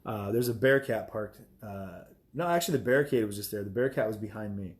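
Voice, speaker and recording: A man's voice: lowish voice, brisk. A man chatting casually to viewers on a live stream, rambling with many fillers and chuckling asides.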